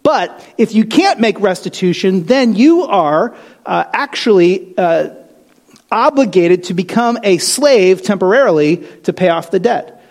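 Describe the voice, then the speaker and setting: A man preaching a sermon in a conversational, animated way, full of rhetorical questions and asides. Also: sits high, unhurried. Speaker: pastor.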